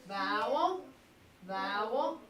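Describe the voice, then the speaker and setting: Speaking extremely slowly, a woman teacher with a fairly high, slightly bright voice and lively intonation leads a phonics lesson. She asks patient questions and stretches words out while modeling them, heard from a distance in an echoey classroom with faint hiss.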